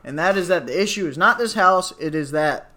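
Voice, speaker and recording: A man's voice: sits high, expressive, fairly quick, pushed and bright. A man in his twenties ranting casually to his viewers, exasperated and sarcastic, swearing freely and rambling through asides. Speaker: vlogger. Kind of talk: casual rant to camera.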